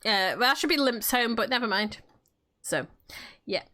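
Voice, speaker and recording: A woman's voice: on the high side, lively intonation, normal speed, sharp tone. A woman from near Manchester with a Northern English accent, chatting casually while playing a game, swearing freely and often restarting her sentences. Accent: Northern English, Manchester area. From England, near Manchester. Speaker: game streamer and role-player.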